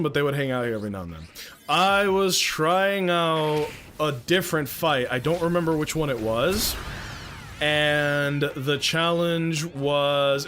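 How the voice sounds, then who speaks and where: A man's voice: on the high side, fairly bright tone. A young adult man streaming live, ranting with heavy profanity. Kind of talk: casual livestream rant.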